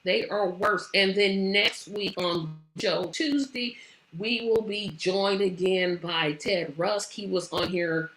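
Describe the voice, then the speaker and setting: A woman's voice: lowish voice, fairly bright tone, roomy sound. A woman hosting her own show, chatting casually and rambling with many fillers, saying she is tired. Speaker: show host. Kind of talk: casual livestream chat.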